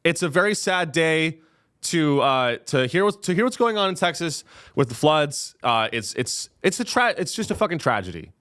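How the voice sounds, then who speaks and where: A man's voice: fairly high pitch, big pitch swings, normal speed, a bit bright, smooth. A young man hosting a comedy podcast. He sounds caffeinated and rambles through a profane monologue, full of restarts.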